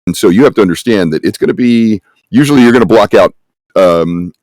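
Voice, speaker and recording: A man's voice: lowish voice, expressive, a little fast, darkish tone, dry recording. A man on a conference panel who casts games, speaking emphatically and conversationally, with rhetorical questions. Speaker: panelist, game casting producer.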